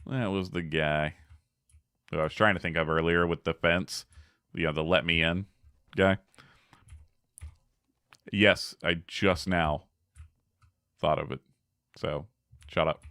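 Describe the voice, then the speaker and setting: A man's voice: low voice, fairly even intonation, slow pace, pauses often, fairly bright tone, clear, resonant tone, dry recording. A man giving casual gameplay commentary as a streamer, chatty, laughing often and talking back to his chat.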